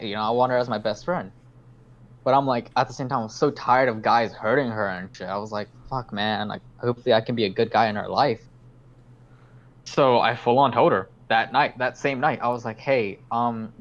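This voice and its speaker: A man's voice: medium pitch, muffled recording. Young man rambling through a story. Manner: rambling, swears a lot, quotes himself. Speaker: podcast host. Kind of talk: casual storytelling.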